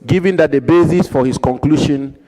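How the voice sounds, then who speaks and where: A man questioning a nominee at a formal parliamentary hearing, measured and repeating key points for emphasis. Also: on the high side, mellow, poor audio. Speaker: committee member asking questions. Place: parliamentary committee hearing room.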